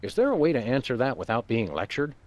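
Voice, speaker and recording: A man voicing a deadpan, dry-witted male dog detective in a video game. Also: medium pitch, fast, no room sound.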